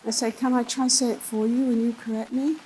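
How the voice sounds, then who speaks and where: Her voice a little high and her pace brisk, an older English therapist tells case stories during a keynote in a conference hall, animatedly performing each person's voice. The low-quality recording has slight background noise.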